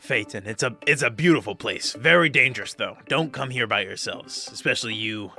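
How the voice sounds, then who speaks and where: Man doing Blurog, a slow, genial ogre. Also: medium pitch, vocal fry, pushed and bright. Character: huge friendly male ogre.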